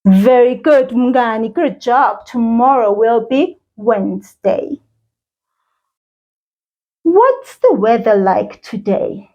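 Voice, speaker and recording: Woman, children's language teacher, high voice, slow sing-song delivery aimed at a child viewer. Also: expressive, muffled recording. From South Africa.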